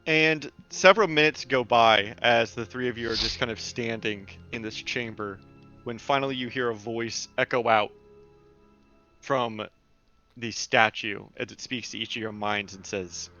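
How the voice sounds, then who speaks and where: A man's voice: mid-range voice, moderate pace, pushed and bright. A man narrating as game master of a tabletop game, with loose, filler-filled description. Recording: dull lo-fi voice call with faint music.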